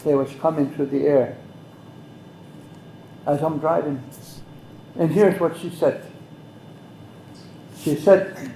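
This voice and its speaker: An older man, slowly telling a traditional story as an elder guest, with measured, repeated phrases. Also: on the high side, steady tone, vocal fry, warm tone. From Mohawk Valley, New York. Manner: measured, repetitive, speaks some phrases in Mohawk. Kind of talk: slow oral storytelling. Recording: roomy echo.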